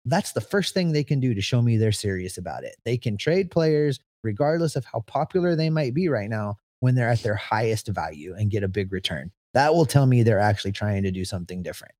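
A man's voice: lowish voice, animated, brisk, few pauses, darkish tone, no room sound. A man co-hosting a sports podcast, giving firm opinions with dry sarcasm. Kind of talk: casual sports talk.

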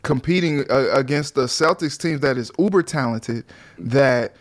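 A man co-hosting a casual sports talk show, lively and acting out what players and fans might say. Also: medium pitch, normal speed. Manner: animated, acts out quotes of players and fans. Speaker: co-host.

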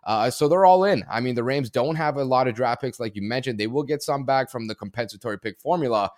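A man's voice: mid-range voice, no echo, clean studio sound. A man talking as a guest analyst in a casual sports discussion, emphatic and full of fillers. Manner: fast, emphatic, frequent fillers.

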